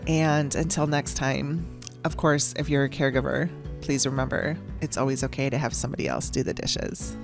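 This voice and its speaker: A woman's voice: a bass voice, fairly even intonation, moderate pace, vocal fry, over music. A middle-aged woman hosting a podcast, telling a personal story in a chatty, emotional way and laughing through tears. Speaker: podcast host.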